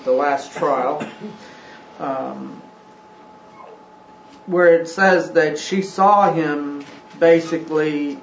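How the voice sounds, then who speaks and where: A man teaching a scripture class. He talks haltingly, with frequent ums and restarts. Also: a little high, a little hiss or hum. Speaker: religious teacher. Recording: roomy, dull recording.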